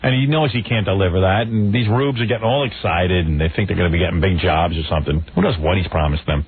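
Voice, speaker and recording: A man's voice: low voice, quick pace. A man hosting a talk radio show, joking and mocking in loose banter. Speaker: radio host. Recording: tinny lo-fi radio recording with faint hiss.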